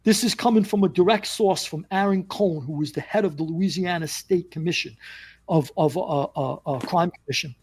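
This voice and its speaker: A man with a New York accent recounts a story in a relaxed interview. His voice sits fairly high, and he slips into the voices of the people he quotes. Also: normal speed, breathy edge. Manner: animated storyteller acting out quoted dialogue. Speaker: former mobster guest.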